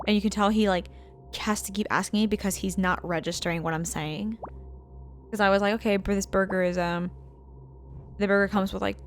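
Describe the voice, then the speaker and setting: A woman's voice: medium pitch, slight background noise. Give me a woman co-host casually telling a swear-heavy story while playing a game. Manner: profane, animated anecdote with acted-out quotes. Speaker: let's play co-host.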